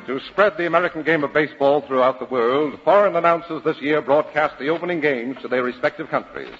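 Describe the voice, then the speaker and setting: A man as announcer and straight man on a 1940s radio comedy, delivering dry deadpan comebacks. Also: a little high, quick pace, over music. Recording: dull old radio broadcast in a reverberant studio.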